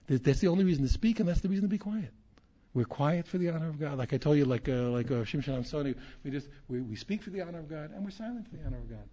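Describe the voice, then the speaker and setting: A man, a rabbi, teaching a Torah class in an animated way, repeating phrases and restarting often. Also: a little high, very fast. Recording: dull lo-fi recording.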